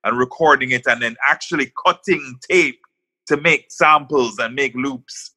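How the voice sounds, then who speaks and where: A man from Jamaica, a guest on a podcast, telling stories in an animated way and often restarting his words. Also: mid-range voice, normal speed, husky. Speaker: guest, music manager. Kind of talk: casual storytelling on a podcast.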